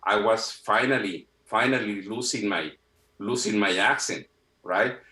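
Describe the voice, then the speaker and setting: A middle-aged man from Mexico, a Spanish speaker using English as a second language with a Mexican accent, appears as a guest in a casual storytelling interview over a video call. He tells stories animatedly with many restarts and repeated words, in a fairly low, bright, forceful voice at a measured pace, and the recording has a roomy echo.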